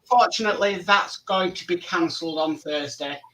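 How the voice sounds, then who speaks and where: A man's voice: high voice, normal speed, a bit bright, far from the mic, slight background noise, low-quality recording. A man hosting a casual model-building live stream, rambling and friendly with many fillers. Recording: voice somewhat off-mic.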